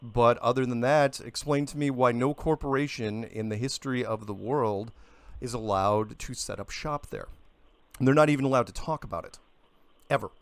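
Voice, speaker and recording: A man arguing his case in a heated radio debate, insistent and quick to interrupt, breaking into emphatic outbursts. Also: medium pitch. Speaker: flat earth guest.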